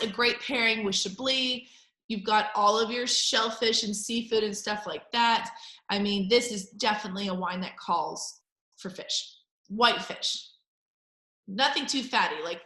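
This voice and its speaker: A woman's voice: medium pitch, normal speed, pushed and bright, echoey room. A woman talking casually about wine and cheese pairings, chatty and full of filler words. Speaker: wine bar general manager. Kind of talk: casual wine and food chat.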